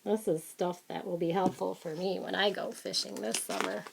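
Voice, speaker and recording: A woman's voice: mid-range voice, steady tone, normal speed, gravelly, background noise. A woman reading a children's fishing book aloud, adding chatty, playful comments between the lines of text.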